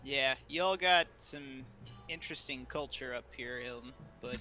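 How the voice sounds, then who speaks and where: Bright-voiced man joking at the game table. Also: medium pitch, unhurried, soft background music. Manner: chatty, joking, rules-minded. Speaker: player. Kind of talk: casual tabletop play.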